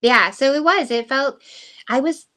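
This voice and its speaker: A middle-aged woman co-hosting a casual podcast tells a personal story in a bright, ringing voice. She talks candidly and emotionally, circling back with fillers and restarts as she searches for words. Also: high-pitched, animated, unhurried. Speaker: podcast co-host. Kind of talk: casual chat.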